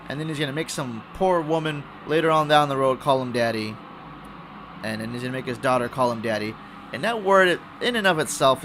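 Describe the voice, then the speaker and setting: Brief: male solo podcaster, mid-pitched voice, loose and profane, lots of ums, faint noise behind. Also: animated, a little fast, a bit bright. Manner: rambling, profane, full of fillers and restarts. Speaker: podcast host. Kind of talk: casual solo podcast rant. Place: room, recording alone.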